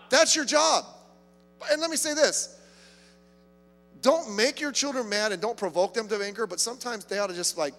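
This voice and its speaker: Pastor, male, high-pitched, emphatic sermon delivery in a reverberant church hall with faint music. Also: very animated, a little fast, long pauses, a bit bright. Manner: emphatic, repeats words when starting phrases.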